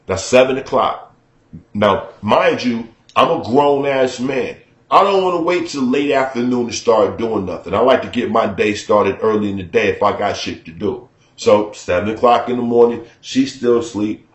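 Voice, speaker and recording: Speaking to camera in a roomy-sounding space, a man with a voice on the low side rants casually about something that happened to him. He swears freely and often pauses to check in with his viewers.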